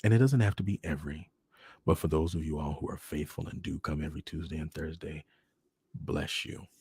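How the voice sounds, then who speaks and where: A very deep-voiced man hosts his own livestream and speaks earnestly to his audience. His voice is gravelly and heavily husky, and he often sinks into hushed, half-whispered phrases. The sound is dry and close to the mic. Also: dry recording. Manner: earnest, expressive, dips into hushed near-whispers. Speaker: host. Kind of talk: heartfelt direct-to-camera livestream talk.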